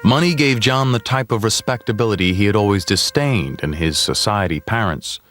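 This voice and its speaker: A man giving measured, scripted documentary narration. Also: fairly low pitch, animated, fairly bright tone, soft background music.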